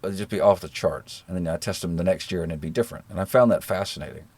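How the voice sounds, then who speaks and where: Fields: Sex: man. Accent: generic American. Pitch: very low. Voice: husky. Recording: dry. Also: fast talker, darkish tone, no room sound. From rural Georgia, American South. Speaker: guest. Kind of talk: relaxed conversational interview. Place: living in New Zealand.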